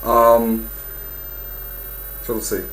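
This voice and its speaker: Young man, casual sports rant, heated, profane, loud bursts then mutters. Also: mid-range voice, level tone, drawn-out words, slight background noise, low-quality recording. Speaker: fan vlogger.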